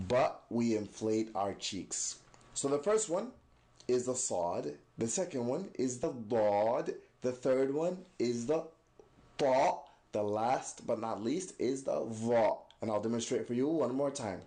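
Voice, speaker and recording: A man teaching recitation in an unhurried, step-by-step way, repeating each sound slowly and clearly. His voice is dark and mellow, and he warmly praises each attempt by the learner. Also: mid-range voice, expressive. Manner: patient, demonstrates sounds slowly and repeats them. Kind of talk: step-by-step pronunciation lesson.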